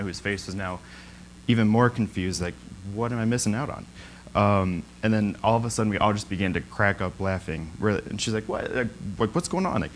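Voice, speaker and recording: In poor audio with a bit of hiss or hum, a young man with a lowish voice gives an informal guest sermon at a church. He tells his story in a chatty way, often laughing and saying "um" a lot.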